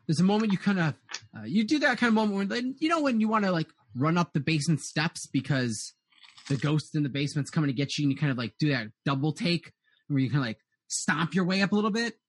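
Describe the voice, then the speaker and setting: A man's voice: a little high, expressive, fast, breathy edge. A man narrating as game master in a rambling way, full of "uh"s and restarts.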